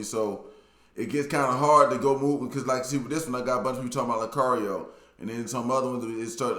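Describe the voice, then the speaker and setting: A man's voice: mid-range voice, fairly bright tone. Laid-back Southern man in an echoey room. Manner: laid-back, plainspoken, repeats phrases. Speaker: YouTube commentator. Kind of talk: casual commentary reading viewer comments.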